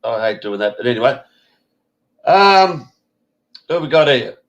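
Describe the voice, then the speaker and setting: A man's voice: medium pitch, expressive, measured pace, dull audio. A man hosting a live-stream chat, rambling and swearing casually. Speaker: host.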